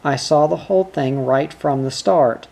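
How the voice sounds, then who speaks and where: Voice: medium pitch, unhurried, vocal fry, darkish tone. A reader voicing an indignant old organ grinder.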